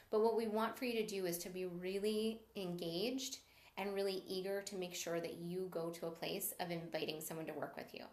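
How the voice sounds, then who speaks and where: An upbeat, encouraging woman teaching a live-streamed sales training. Her voice sits in a middle pitch range and rings with the echo of the room she records in. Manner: upbeat and encouraging, greets viewers mid-talk. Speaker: sales coach.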